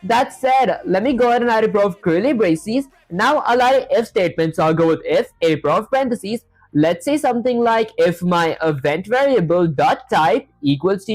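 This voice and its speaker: A high-voiced man, recorded dry, live-streams himself coding. He thinks out loud, leans heavily on fillers like "honestly" and "that said," and reads viewer chat aloud so he can respond.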